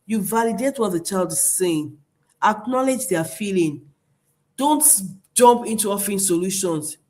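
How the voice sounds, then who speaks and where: A woman's voice: mid-range voice, expressive, a little slow, a little mellow. A woman speaking earnestly to parents, giving advice on talking with their children. She repeats key phrases and keeps checking that her listeners understand.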